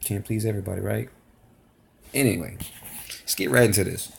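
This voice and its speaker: A man's voice: on the low side, fairly quick, vocal fry, breathy edge. A man hosting a reaction video, chatting casually to camera in a rambling, apologetic way.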